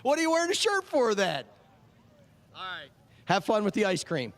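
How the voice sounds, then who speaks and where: His pitch sits high and swoops wildly, with a slightly bright tone and moderate pace. The man is a track chaplain out at a speedway, handing kids ice cream vouchers and joking with them on the PA, repeating each name he hears.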